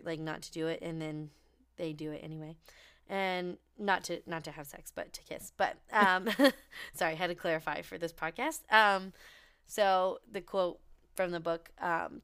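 A woman co-hosting a podcast in casual, excitable book chat, swearing freely and reading passages aloud. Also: lowish voice, clean tone. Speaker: podcast co-host.

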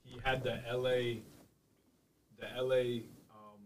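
A man's voice: mid-range voice, level tone, slow, a little mellow, rough recording. A man co-hosting a podcast, dropping laid-back, offhand comments into a casual chat.

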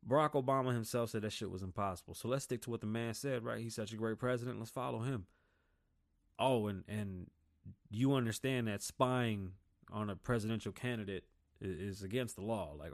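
A man hosting a podcast, ranting in a profane, heated solo monologue, often mocking people in loud voices. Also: on the low side, a little fast, no echo, studio quality. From United States. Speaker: podcast host.

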